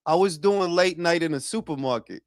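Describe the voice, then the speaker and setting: Guy hosting a boxing stream, kinda high voice, swearing, shouting out chat, dry close mic. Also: normal speed, dry recording. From Dominican heritage. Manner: profane, animated, reading chat shout-outs. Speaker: boxing talk show host. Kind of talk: casual livestream talk.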